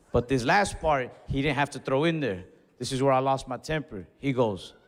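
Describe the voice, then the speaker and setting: A stand-up comedian with a medium-pitched voice delivers a brisk, animated story from a comedy stage in a hall. He plays the other people in dialogue and breaks into laughter along the way, with live hall reverb and faint ambience in the audio.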